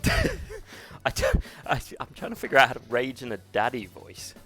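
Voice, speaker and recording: A man's voice: medium pitch, wildly swooping pitch, a little slow, pauses often, fairly bright tone, slightly rough, soft background music. A man streaming a video game, joking and swearing in playful, exaggerated banter. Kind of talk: casual gaming stream banter.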